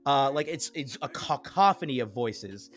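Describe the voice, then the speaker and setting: A man's voice: mid-range voice, expressive, moderate pace, a bit bright, faint music behind. A man running a tabletop game as game master, narrating casually with lots of hesitant uhs and likes.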